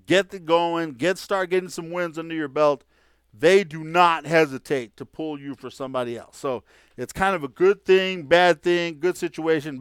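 A man hosts a casual sports podcast, chatty and opinionated, and his speech is scattered with fillers. His voice sits slightly high and sounds smooth and clean. The recording is dry and close-up, with no room echo. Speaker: podcast host.

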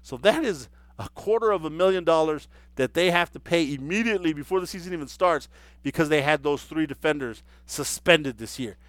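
A man giving casual solo football commentary, animated and incredulous, with mocking asides. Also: a little high, a little fast, no room sound. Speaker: sports commentator.

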